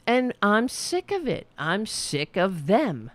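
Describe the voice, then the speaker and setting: A woman hosting a live-streamed political talk show, ranting angrily and bluntly, with plenty of profanity and some quieter asides to the chat. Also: medium pitch, big pitch swings, slow, dry recording.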